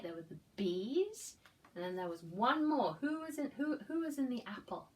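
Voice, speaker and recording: A woman teacher reading a picture book to young children, asking gentle coaxing questions and dropping into whispers. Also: medium pitch. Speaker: preschool teacher. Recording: distant mic with faint background noise.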